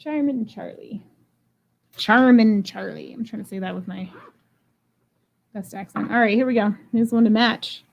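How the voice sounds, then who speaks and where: Woman live seller, slightly high voice with vocal fry, chatty and self-joking. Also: moderate pace, darkish tone, slight background noise. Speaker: online jewelry seller. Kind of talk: live-stream unboxing and auction chat. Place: home room.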